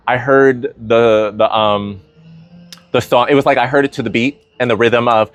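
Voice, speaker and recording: A man giving a casual spiritual tarot reading, animated and playful, thinking aloud with lots of "like" and "you know". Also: medium pitch, fairly quick, faint music behind. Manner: animated, playful, many fillers like "like". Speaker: tarot reader.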